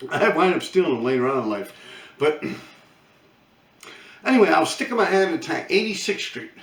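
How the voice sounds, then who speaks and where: A man's voice: a little high, sing-song, moderate pace, reverberant, recorded from a distance. A man in his fifties from New York City with a New York accent, telling profane, rambling stories with lots of laughing. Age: 50s. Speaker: vlogger. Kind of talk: casual storytelling rant.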